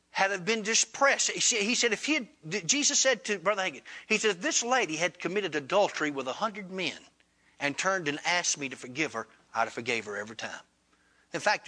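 A man preaching a sermon, retelling a story in plain, folksy speech and acting out both sides of the dialogue. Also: bright, forceful tone. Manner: retells dialogue with rising pitch, Southern colloquial grammar.

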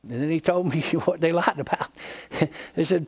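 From the pulpit, a man preaches a sermon in a brisk voice pitched a touch higher than most men's. He tells a story retelling a friend's words, breaking off and restarting mid-phrase as he goes.

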